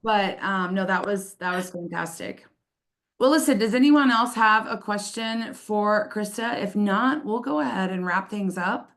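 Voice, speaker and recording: Woman host, mid-pitch, upbeat, fields questions on a team call. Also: unhurried, fairly bright tone. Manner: upbeat, reads chat questions aloud.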